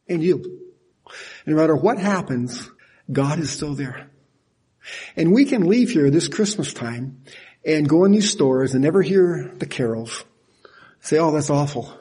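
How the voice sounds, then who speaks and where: An older man preaching a sermon in a folksy, animated way, laughing at himself now and then. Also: on the high side, husky. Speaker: pastor.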